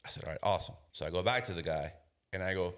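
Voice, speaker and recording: Speaking rapid-fire in a low, smooth voice, a thirties-aged cop spins an animated podcast tale full of casual slang. Whenever he quotes someone, he performs their voice.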